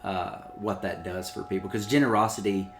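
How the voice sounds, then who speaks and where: Low-voiced pastor, easygoing. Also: male voice, steady tone, a little fast, creaky, faint music behind. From small-town Alabama, US. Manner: easygoing, friendly storyteller. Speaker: campus pastor, podcast guest. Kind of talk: casual interview chat.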